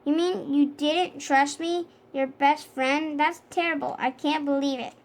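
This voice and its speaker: Loud, clumsy starfish buddy from a storybook, as a woman reads him, high voice. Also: fairly even intonation, unhurried. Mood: upset.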